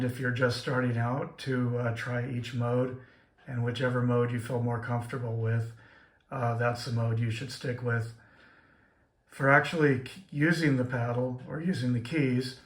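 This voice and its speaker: A man calmly teaching Morse paddle keying in a plain, methodical way, with frequent pauses. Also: mid-range voice. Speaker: ham radio operator teaching Morse keying. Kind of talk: casual how-to demonstration. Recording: echoey room with faint noise.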